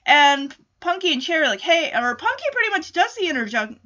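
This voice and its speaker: A woman's voice: sits high, very animated, brisk, bright, forceful tone, dull audio. A woman casually recapping a TV episode in a chatty way, with frequent laughs and filler words.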